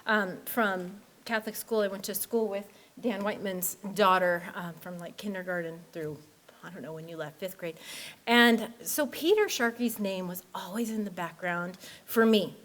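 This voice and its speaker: A woman math teacher telling lively, laughing anecdotes in a memorial tribute. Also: mid-range voice, moderate pace.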